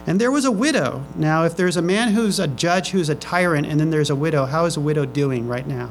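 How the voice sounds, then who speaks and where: A pastor preaching a sermon to his congregation. He reads scripture slowly, then presses the room with questions, often repeating and restarting his phrases. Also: a little high, a little hiss or hum, low-quality recording.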